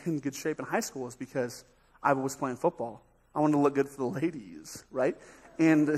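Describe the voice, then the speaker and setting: A man with an American accent preaching a sermon in a church, lively and joking, often acting out little voices and quotes. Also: a little high. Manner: energetic, jokey, acts out voices. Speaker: pastor. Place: church sanctuary.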